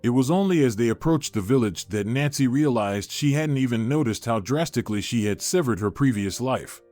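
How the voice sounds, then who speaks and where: A man's voice: mid-range voice, brisk, soft background music. Man reading a story aloud. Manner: steady storytelling. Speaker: narrator. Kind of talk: scripted narration.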